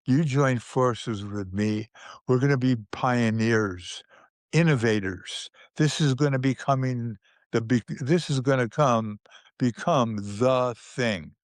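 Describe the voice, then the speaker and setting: An older man, a guest in an interview, telling anecdotes in an unhurried way, with restarts and small chuckles. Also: mid-range voice, dry recording.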